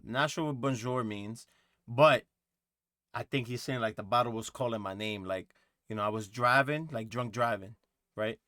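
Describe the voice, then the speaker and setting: Male reaction host, casual rambling commentary, mid-pitched, dry close mic. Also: moderate pace, pushed and bright, no room sound. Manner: rambling, thinking aloud with many fillers.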